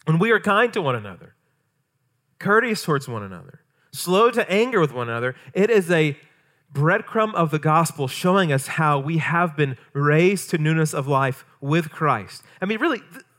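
A man's voice: fairly high pitch, sing-song, moderate pace, a bit bright. A man, a pastor, preaching a sermon in a conversational way, full of rhetorical questions.

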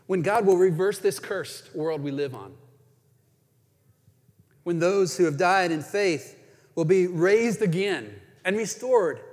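A man with a high, light voice delivers a sermon, earnest and searching. He leans hard on key lines, then drops almost to a hush. His words hang in a long, ringing reverb, as in a big hall. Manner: earnest, swings from emphatic to hushed. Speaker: preacher.

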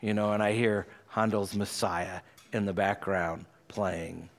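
A man's voice: lowish voice, steady tone, unhurried. A man preaching an expository sermon, explaining the passage and reading scripture aloud with earnest emphasis.

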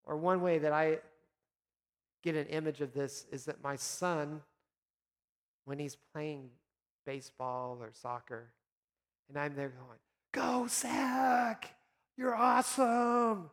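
A man speaking as a pastor, giving an earnest, encouraging devotional talk for Lent with gentle pauses. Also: a little high, fairly even intonation, long reverb tail.

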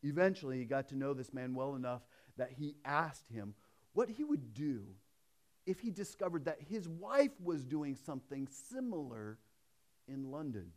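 A man preaching a sermon in a conversational way, swinging between emphatic raised passages and hushed storytelling. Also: mid-range voice, big pitch swings, normal speed. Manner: conversational, with restarts and asides. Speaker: pastor.

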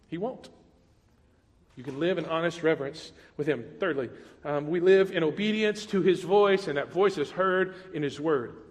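A man preaching a sermon as pastor, animated, swinging between loud, dramatic acted prayers and quiet, intimate asides. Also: high voice, moderate pace, long reverb tail.

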